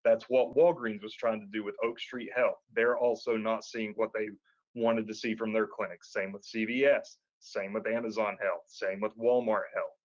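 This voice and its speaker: A male podcast co-host explaining an industry issue in a measured, analytical way. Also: on the low side, level tone. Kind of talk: analytical discussion. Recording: dull lo-fi audio.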